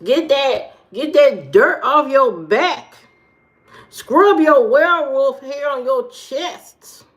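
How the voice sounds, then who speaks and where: Woman livestreamer, slow comic rants, somewhat high voice. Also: lively intonation. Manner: comic rants, greets viewers by name, repeats words. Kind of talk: casual livestream chat.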